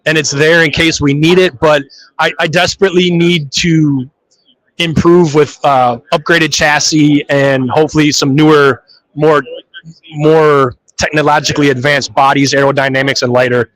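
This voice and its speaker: Animated drag racer telling stories. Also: male voice, fairly high pitch, moderate pace, rough recording. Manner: animated storyteller who acts out his own reactions. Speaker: funny car drag racer. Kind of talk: live trade show interview.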